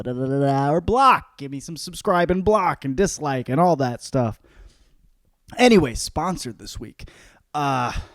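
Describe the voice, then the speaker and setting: A young adult man hosting a podcast, delivering an ironic comedic rant full of swearing, jumping between shouting and muttering. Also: medium pitch, no echo, studio quality. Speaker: podcast host.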